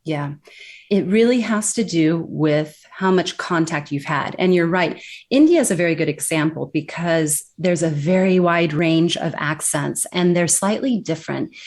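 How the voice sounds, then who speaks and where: An American woman explaining workplace communication in an emphatic, animated interview style. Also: sits low, moderate pace. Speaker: accent and communication expert guest. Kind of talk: interview answers.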